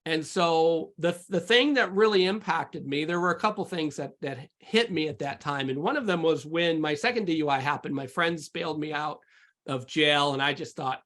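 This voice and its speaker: A man's voice: a little high, moderate pace, a bit bright. A man who is a podcast guest, telling his personal faith testimony in a candid, rambling way with many fillers and restarts. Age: adult with sons.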